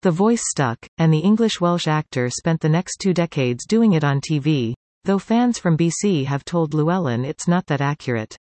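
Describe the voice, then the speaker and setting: A male reporter reads a scripted news segment with measured, informative pacing. His voice sits a bit above the usual male range. The recording is dry, with no room sound. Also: fairly high pitch, lively intonation, darkish tone, no echo.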